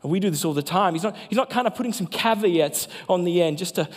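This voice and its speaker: Man preaching, high voice, emphatic, long reverb from a large hall. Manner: emphatic preaching, slows down for key phrases. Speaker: pastor. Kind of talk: sermon.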